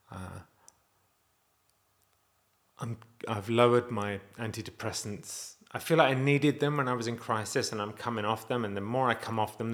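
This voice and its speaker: Dad vlogger, lowish voice, earnest, rambling, stops and restarts a lot. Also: male voice. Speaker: vlogger and father. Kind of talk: candid personal vlog.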